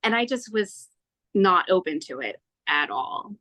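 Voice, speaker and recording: A woman's voice: medium pitch, a little slow. Earnest woman telling her story. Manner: earnest, animated, acts out her own past thoughts. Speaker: tarot reader, podcast guest. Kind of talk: casual storytelling in an interview.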